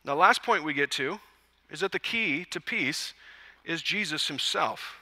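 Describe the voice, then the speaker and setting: Bright-voiced male pastor preaching. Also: on the high side, unhurried, big-room sound. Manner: lively, joking storyteller who acts out quotes. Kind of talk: sermon. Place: church service.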